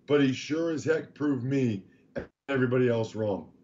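A man co-hosting a sports talk show, his voice raspy and hoarse, rambling and restarting as he talks. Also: medium pitch, moderate pace, a little mellow, muffled recording, slight background noise. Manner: rambling, self-interrupting.

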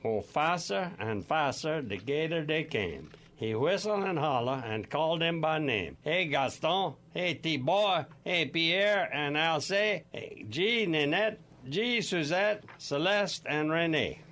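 A man's voice: a little high, lively intonation, takes it slowly, hardly any pauses, fairly bright tone. An older man with a Cajun accent, reading a rhyming dialect poem aloud with a folksy rhythm. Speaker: guest reader.

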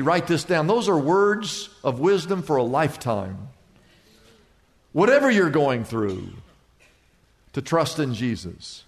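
A male pastor preaching a sermon, acting out worried voices and calming replies with dramatic swings. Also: fairly high pitch, slow pace, vocal fry, pauses often. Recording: echoey hall with long reverb.

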